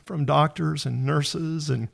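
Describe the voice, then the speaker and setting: A man hosting a faith-based interview chat, earnest and openly emotional, often speeding up when he gets excited. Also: fairly high pitch, takes it slowly, vocal fry.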